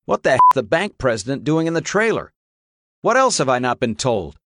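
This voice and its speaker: A man's voice: medium pitch, big pitch swings, fairly quick, sharp tone, dry recording, studio quality, voice pushed up. A man voicing a bossy male police chief who barks orders irritably. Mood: irritated. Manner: demanding, irritated.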